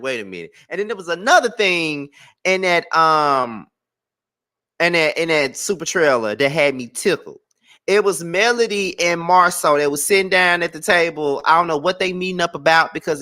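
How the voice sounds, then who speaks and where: A man's voice: a little high, normal speed. A man hosting a casual celebrity gossip show, theatrical and dramatic. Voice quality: theatrical, animated. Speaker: show host.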